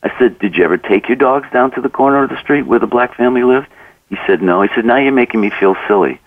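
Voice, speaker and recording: A man's voice: medium pitch, fast, no room sound, distant mic, phone-quality sound. A man being interviewed, earnestly telling anecdotes and acting out the conversations in them. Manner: earnest, acts out dialogue in anecdotes. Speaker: author and coach, interview guest.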